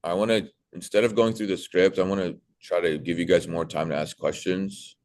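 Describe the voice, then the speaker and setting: A young man with a low voice talks his sales team through the job in a loose, casual way. He is animated and keeps breaking into a bright, put-on phone-rep voice to act out calls. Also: fairly quick, background noise. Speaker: sales trainer. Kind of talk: casual sales coaching talk.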